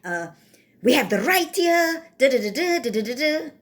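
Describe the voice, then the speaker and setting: A high, mocking sing-song carries a self-pitying, entitled settler, put on by a woman. The South African accent stays plain underneath the whine. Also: big pitch swings, normal speed.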